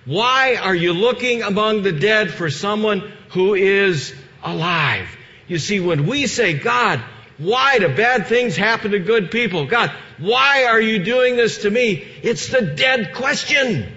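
Bright-voiced male preacher in a reverberant hall. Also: high-pitched, expressive, takes it slowly. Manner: earnest, emphatic preaching with repeated phrases. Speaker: pastor. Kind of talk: sermon and closing prayer. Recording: long reverb, dull lo-fi sound.

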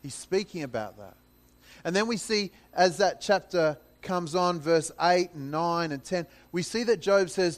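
A pastor preaching a sermon in a conversational way, acting out scripture in dramatic paraphrase. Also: male voice, on the high side, moderate pace.

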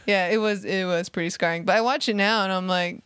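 Relaxed woman laughing through casual chat. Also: medium pitch, brisk, smooth, no room sound. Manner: relaxed, laughs often, many fillers. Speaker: podcast co-host.

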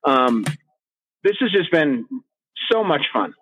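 Male coach on a podcast, fired up and profane, higher-pitched voice, muffled lo-fi audio. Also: very animated, slow pace, fairly bright tone, faint music behind. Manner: fired-up, swears freely, ranting. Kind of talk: casual podcast chat.

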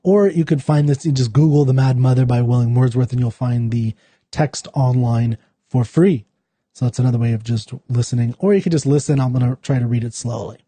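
A man hosting a poetry show, talking loosely with many fillers and restarts, then reading a poem aloud slowly. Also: medium pitch, dark tone, slightly rough, no echo. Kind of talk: casual talk then slow poetry reading.

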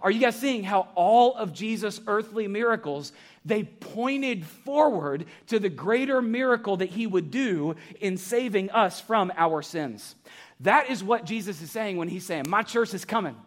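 A man preaching a sermon to a church congregation, animated and joking, asking the crowd rhetorical questions. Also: high-pitched, a little slow. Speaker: pastor. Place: church sanctuary.

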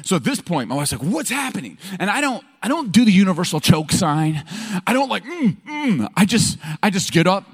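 A man preaching from a stage to a live audience, telling funny stories and acting out the voices of people in them. His pitch swoops widely as he jumps between characters. It is a casual, animated sermon. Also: brisk, slightly rough. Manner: animated storytelling, acting out quotes. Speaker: pastor.

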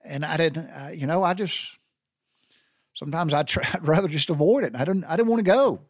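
A middle-aged Southern man tells a personal story, rambling and heartfelt, restarting his sentences again and again. His fairly high voice moves fairly quickly, and the sound is dry and close.

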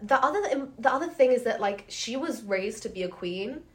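A woman's voice: a little high, lively intonation, moderate pace. A woman co-hosting a casual history podcast, chatty and full of fillers, often laughing as she talks. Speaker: podcast co-host.

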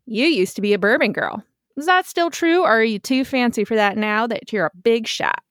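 Brief: woman playing a loud, high Southern-twang barkeep, teasing, storybook reading. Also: lively intonation, moderate pace, no echo, clean studio sound. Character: brassy Southern woman bartender, longtime local.

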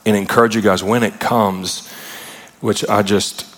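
Man, preacher, fairly low voice, conversational sermon, lively asides, long hall reverb. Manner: conversational, animated retellings with quick asides.

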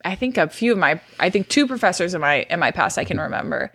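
A young woman with a bright, sharp voice, chatting on a home podcast and telling earnest, meandering stories. The mic is close and dry, with no room sound. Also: fairly low pitch, expressive, quick pace, husky, no echo. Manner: chatty storyteller, earnest and rambling. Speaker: podcast co-host. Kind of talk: casual chat.

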